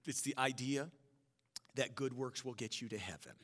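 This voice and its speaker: A pastor preaches conversationally, calling on the congregation to repeat words back to him. His medium-pitched voice is a bit bright and moves at a moderate pace. Long hall reverb and faint music fill the recording.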